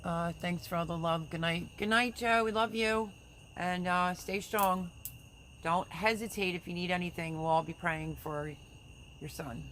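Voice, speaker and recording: A woman's voice: fairly low pitch, fairly even intonation, a little slow, a bit bright, slight background noise. A woman hosting a casual livestream, chatting with viewers, reading their comments aloud and sending prayers. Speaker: livestream host.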